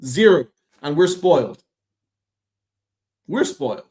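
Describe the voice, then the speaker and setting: A man's voice: on the high side, expressive, slow, darkish tone. A man hosting a sports podcast, ranting with sarcastic, exasperated, profane commentary. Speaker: podcast host.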